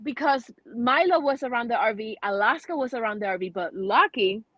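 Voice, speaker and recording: A woman hosting a casual chat, telling a story with many restarts and pauses. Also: a little high, expressive, fairly bright tone, no echo. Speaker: host.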